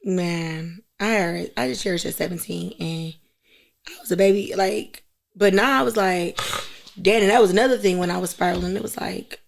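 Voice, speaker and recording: A woman's voice: on the low side, normal speed, gravelly. A woman in her thirties, a podcast guest, giving earnest, encouraging advice in casual chat.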